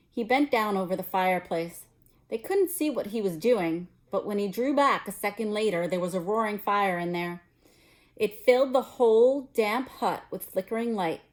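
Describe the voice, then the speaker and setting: Woman reading a novel aloud. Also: mid-range voice. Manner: expressive, pauses to explain to listeners.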